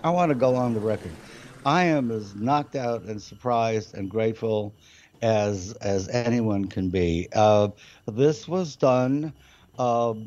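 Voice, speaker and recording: An older man as a musician guest, telling a long, rambling story with many halting fillers. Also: medium pitch, mellow. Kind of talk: casual storytelling interview. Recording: dull, muffled lo-fi sound.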